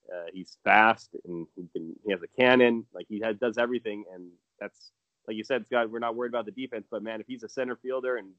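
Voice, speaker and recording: A man's voice: lowish voice, dry recording, lo-fi sound. A man talking casually and with enthusiasm as a guest analyst on a podcast, rambling with restarts.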